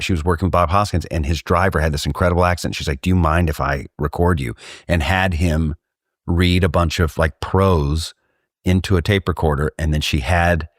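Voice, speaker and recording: A man from Texas co-hosting a podcast, telling rambling, animated stories in casual chat. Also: extremely low pitch, no room sound, clean studio sound. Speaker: podcast co-host.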